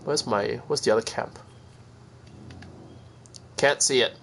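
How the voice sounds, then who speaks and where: A man in the middle pitch range talks his way through a game stream, rambling and loose. He chats to his viewers and pokes fun at himself. A faint hiss sits under his voice. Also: slow pace, vocal fry, a bit bright. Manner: rambling, chatty, self-deprecating. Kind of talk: casual gameplay commentary.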